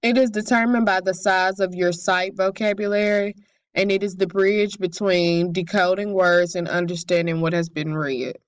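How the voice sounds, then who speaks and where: A woman's voice: mid-range voice, fairly even intonation, moderate pace, dry recording. A young woman student reading her class presentation aloud carefully, with occasional slips.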